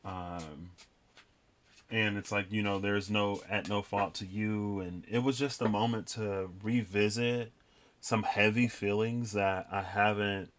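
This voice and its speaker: Low-voiced man musing over tarot cards. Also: a little hiss or hum. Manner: rambling, reflective, lots of fillers. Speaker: tarot reader. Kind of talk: casual tarot reading vlog.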